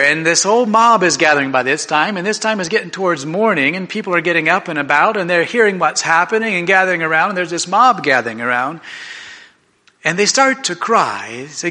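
A man preaching a sermon in an animated, conversational way, often restarting his sentences. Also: high voice, fairly quick. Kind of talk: sermon storytelling.

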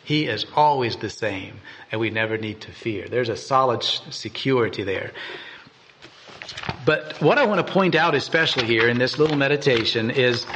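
A man's voice: medium pitch, normal speed, background noise. A man giving a devotional meditation and reading scripture aloud in an earnest way, often repeating and restarting words. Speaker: preacher.

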